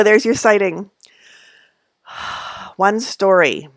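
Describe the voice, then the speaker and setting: A woman's voice: animated, slow pace, vocal fry, pauses often, no room sound. A middle-aged woman chatting casually at home on a livestream, rambling with many fillers and small laughs. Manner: coos in a high voice at her cats. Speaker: knitting channel host.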